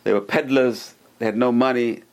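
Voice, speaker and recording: A man with a mid-range voice teaches a Torah class at a moderate pace. He is an animated storyteller who acts out the people he quotes, often repeating and restarting his phrases.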